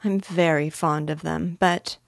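A woman's voice: deep voice, steady tone, unhurried, creaky, no echo, clean studio sound. A woman voicing an earnest, polite little girl who speaks primly. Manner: prim and polite.

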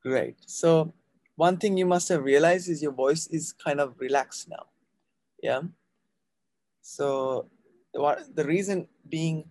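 A man's voice: fairly high pitch, a little mellow, no echo. A man teaching a live voice class, explaining patiently and often checking in with his students. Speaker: voice coach.

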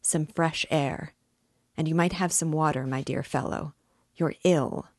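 A woman's voice: deep voice, steady tone, measured pace, no room sound, clean studio sound. A woman reading an audiobook voices a chatty, ironical middle-aged male magistrate who fusses and needles. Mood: fussing. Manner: chatty, mock-solicitous, needling.

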